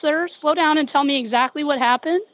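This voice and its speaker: A woman's voice: sits high, brisk, highs cut off. Firm woman manager on the phone. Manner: firm and patient, repeatedly asking the caller to calm down. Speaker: restaurant manager. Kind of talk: phone customer service.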